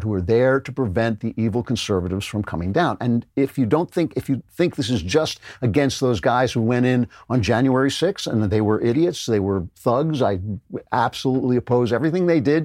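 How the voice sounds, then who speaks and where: A man's voice: mid-range voice, darkish tone, no echo, clean studio sound. A man hosting a political commentary show, talking in a sardonic, emphatic way. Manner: sardonic, emphatic, reads ad copy with jokey flair. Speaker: host.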